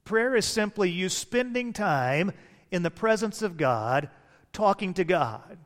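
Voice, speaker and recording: A man's voice: high-pitched, lively intonation, measured pace. A man preaching a sermon as a pastor, telling stories with humor and shifting his pace. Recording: long reverb of a large hall.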